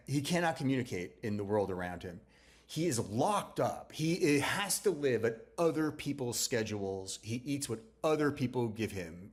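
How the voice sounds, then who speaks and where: A man, a novelist, telling the story of his book in a loose, chatty interview, restarting sentences and acting out what other people said. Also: medium pitch. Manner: chatty, acts out other people's lines in quotes. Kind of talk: anecdotal conversational storytelling.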